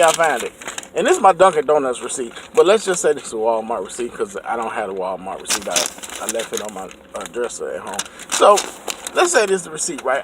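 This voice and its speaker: A man vlogging, casually retelling an incident to camera in an animated way, sometimes acting out his own raised outbursts. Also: fairly high pitch, a little hiss or hum.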